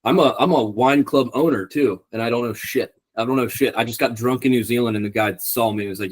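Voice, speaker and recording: This young podcast co-host has a husky, mid-range voice and talks fairly quickly with few pauses. In casual chat he rambles, swears freely, and fills his speech with ums.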